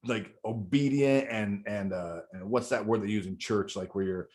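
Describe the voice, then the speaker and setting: A man's voice: lowish voice, moderate pace, darkish tone. A middle-aged man talking as a podcast guest, telling a candid personal story in a rambling, profane way with many restarts.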